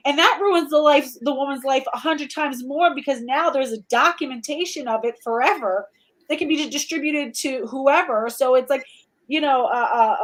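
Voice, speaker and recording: A middle-aged woman hosting a podcast, talking bluntly and profanely with animated storytelling. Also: high voice, poor audio. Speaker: podcast host. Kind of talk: casual chat.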